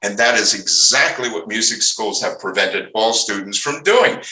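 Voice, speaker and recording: An outspoken older man rambles through stories, restarting his sentences as he goes. His low voice is bright and forceful. The sound carries a roomy echo. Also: animated, moderate pace. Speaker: interview guest, bass player. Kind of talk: casual interview storytelling.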